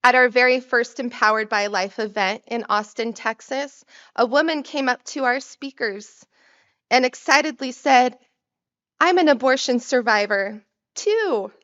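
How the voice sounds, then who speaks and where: A woman's voice: a little high, unhurried, fairly bright tone, lo-fi sound. A woman hosting an event, reading a scripted introduction in a formal, announcing way. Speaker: event host.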